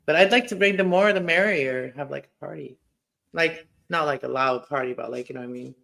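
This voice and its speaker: Casual YouTuber man from a Mennonite community in Mexico; rambling, filler-heavy, tense bright tone. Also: fairly high pitch, a little fast, gravelly. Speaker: YouTuber, co-host of live chat. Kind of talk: casual chat.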